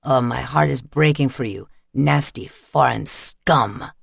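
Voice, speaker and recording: A man's voice: mid-range voice, slow pace, gravelly, husky, dry recording, clean studio sound, full character voice. A man voicing a cruel young street thug who sneers and drawls his taunts. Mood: sneering. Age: young adult.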